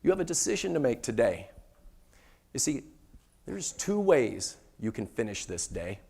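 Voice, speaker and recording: A man giving an inspirational stage talk to an audience, joking with the crowd and turning hushed and tender when telling a story. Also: medium pitch, very animated, moderate pace, gravelly, slightly rough. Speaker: motivational speaker, former sports mascot performer.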